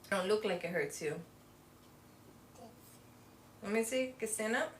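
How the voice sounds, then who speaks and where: A woman's voice: medium pitch, expressive, measured pace. Mom hosting a casual home livestream, chatty and motherly, light background hiss. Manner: chatty and motherly, talks to her child and to viewers.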